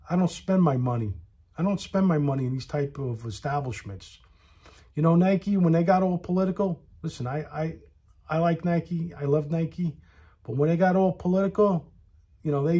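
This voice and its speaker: Husky man ranting a story. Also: on the high side, moderate pace, dark tone. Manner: aggrieved, talks straight to the listener, repeats himself. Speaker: vlogger telling a story. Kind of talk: casual storytelling rant.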